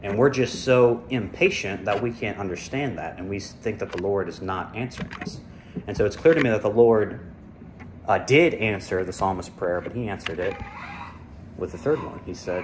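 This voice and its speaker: A man's voice: on the low side, noisy background. Earnest man teaching a small Bible group. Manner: earnest, unhurried, with fillers and restarts. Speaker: Bible study leader.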